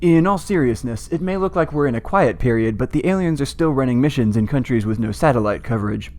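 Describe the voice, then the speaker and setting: A man narrates a strategy game with dry, sarcastic humor. He speaks in a deadpan manner at a middle pitch. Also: fast. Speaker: gameplay commentator. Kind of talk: comedic scripted let's-play commentary.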